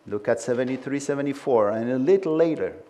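A man's voice: mid-range voice, expressive, fast talker, mellow. A man preaching a sermon with emphatic delivery and frequent conversational asides.

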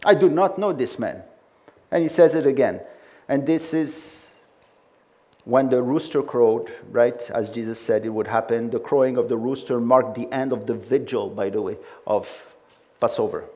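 A man's voice: mid-range voice, fairly even intonation, moderate pace, dark tone. A man preaching a sermon with emphatic delivery and frequent conversational asides.

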